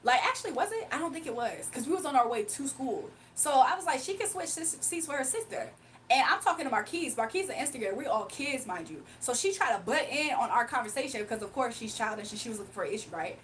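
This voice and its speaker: Young woman streamer, high-pitched, chatty animated storyteller, casual asides to the chat. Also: fast, hardly any pauses, far from the mic, a little hiss or hum, rough recording. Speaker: livestreamer.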